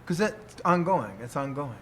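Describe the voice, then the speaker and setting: A man's voice: fairly high pitch, animated, moderate pace, a bit bright, a little hiss or hum. Older guy rambling thru a lesson, says "see?" a lot, chuckly. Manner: rambling, keeps asking "see?", chuckles often. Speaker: teacher. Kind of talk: casual teaching talk.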